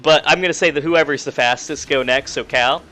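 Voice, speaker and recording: Young man, game master, bright tone, casual halting narration. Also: on the high side, faint music behind. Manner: casual, halting, with many fillers.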